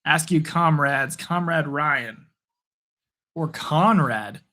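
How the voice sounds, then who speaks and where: A man voicing a mock Russian sports commentator with a thick, fake accent, drawn out slowly. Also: fairly high pitch, bright, forceful tone. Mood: playful mock. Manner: slow, drawn-out, exaggerated delivery.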